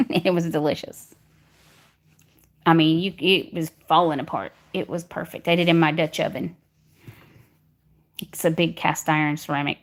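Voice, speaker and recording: Brief: woman, livestream host, friendly chat-reader, slightly low voice. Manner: chatty, greets viewers by name, reads comments aloud. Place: home in Texas during a power outage.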